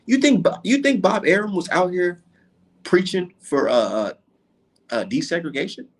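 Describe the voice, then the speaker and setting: A man's voice: high-pitched, animated, moderate pace. A man giving a heated, profane, sarcastic rant full of rhetorical questions, speaking as a commentator to his audience.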